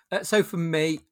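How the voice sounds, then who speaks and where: Male podcast host, blunt and wry, casual review chat. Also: fairly high pitch.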